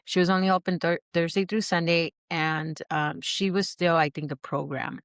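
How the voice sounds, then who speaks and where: A middle-aged woman, a podcast guest, earnestly telling her personal story in an animated, heartfelt way. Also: on the low side, moderate pace, clean tone, dry recording, clean studio sound. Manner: earnest, animated, acts out quoted dialogue. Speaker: podcast guest, recovery program alumna.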